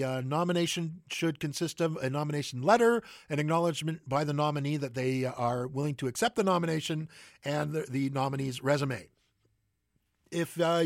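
A man's voice: on the high side, creaky, no room sound, studio quality. A man hosting theater announcements, reading them casually with many fillers and restarts. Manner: halting, many fillers and self-corrections. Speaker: theater news host.

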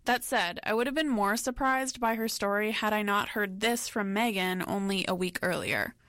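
A woman hosting a documentary, giving scripted narration in a measured, reflective way. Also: medium pitch, fairly bright tone, dry recording, studio quality. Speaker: documentary host.

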